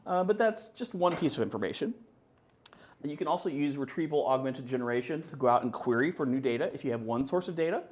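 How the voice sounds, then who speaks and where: A man presenting at a tech conference in a playful, animated way. His voice sits at an ordinary middle pitch and is picked up by a presenter's microphone. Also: fast talker. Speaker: conference speaker. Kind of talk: conference talk.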